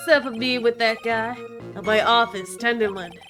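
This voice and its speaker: A woman's voice: a little high, a little fast, over music, lightly acted. A woman voicing a bullying male mobster lobster in a put-on Brooklyn accent that slips southern, with blustering tough-guy slang. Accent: put-on Brooklyn, drifting southern. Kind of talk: voicing game text in a playthrough.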